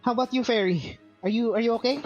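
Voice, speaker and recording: A man's voice: very high-pitched, quick pace, highs cut off, faint music behind, pitched above the performer's own voice. A man voicing a panicky, fretful rival adventurer who stammers and repeats himself. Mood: worried. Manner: frantic, stammering.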